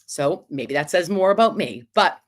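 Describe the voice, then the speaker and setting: A woman's voice: on the low side, expressive, moderate pace. A woman hosting a casual livestream, chatty and gushing as she reads out viewer comments. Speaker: livestream host.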